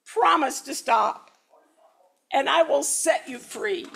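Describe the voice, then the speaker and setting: A cranky, bossy village mayor from a children's story, as a woman puts him on, gruff and snapping at every turn. He sits higher than a real man's voice and swings widely in pitch as he huffs and threatens. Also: animated, takes it slowly, fairly bright tone, full character voice. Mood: pleading. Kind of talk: storybook read-aloud.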